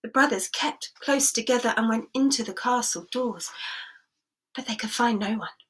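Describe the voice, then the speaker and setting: A woman's voice: fairly high pitch, moderate pace, slightly rough. A woman storyteller telling a sensory story expressively, dropping into whispers and inviting listeners to join in.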